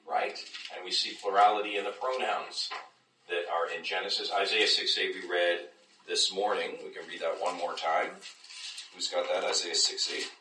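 A man's voice: sits low, bright, forceful tone. A man teaching a Bible class, engaging his listeners and often checking that they follow. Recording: echoey room, distant mic, faint noise.

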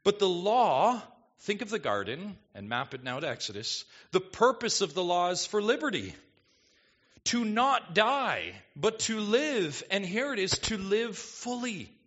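Pastor, male, lively sermon delivery full of rhetorical questions, bright voice, slightly muffled recording. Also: high voice, a little slow, husky. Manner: animated preaching, rhetorical questions, swings between soft and emphatic.

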